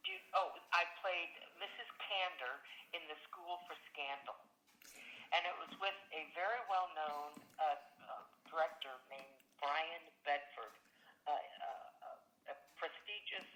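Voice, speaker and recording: An older woman, an actress, telling stories from her career in an animated, exclamatory way during an interview. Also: deep voice, a little slow, reverberant, low-quality recording. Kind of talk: casual storytelling interview.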